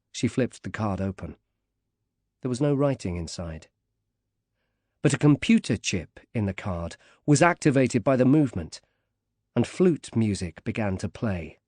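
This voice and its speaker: Dry, steady male audiobook narrator. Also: medium pitch, dry recording. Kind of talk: scripted narration.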